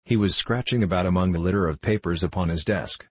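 A man narrates an audiobook in a measured, storytelling way. His voice is very low and husky. The recording is dry and close, with no room sound. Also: dry recording.

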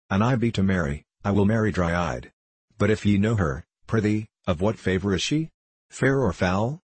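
A man voicing a bold young forester lad from an old adventure tale, blunt and boastful. His voice is low and husky, recorded dry and close. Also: dry recording. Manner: blunt, boastful, archaic speech.

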